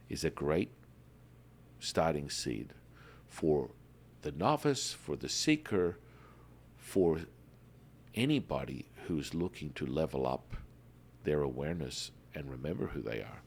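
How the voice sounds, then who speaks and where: A man hosting a spiritual podcast in a casual, animated way, often calling listeners "baby.". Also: very deep voice, a little slow, long pauses, breathy edge. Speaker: podcast host.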